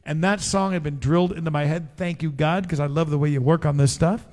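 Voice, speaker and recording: A middle-aged man, a singer-songwriter, telling a relaxed, chatty story between songs at a live show. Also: on the high side, a little fast, in a large hall. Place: live music venue. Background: guitar.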